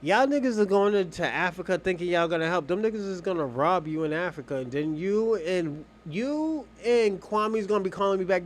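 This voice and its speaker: A man's voice: high voice, lively intonation, a little fast, hardly any pauses, slight background noise. A young man hosting a stream, chatting and telling joking stories in a loose, casual way. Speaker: streamer host. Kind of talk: casual reaction commentary.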